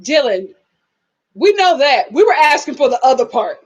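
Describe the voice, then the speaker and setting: A young woman hosts a casual live stream. Her high voice swings widely in pitch, and she laughs often and acts out quotes with big, playful voices. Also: very animated, moderate pace, highs cut off. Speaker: host of a live TV review stream. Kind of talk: casual live-stream commentary reading chat.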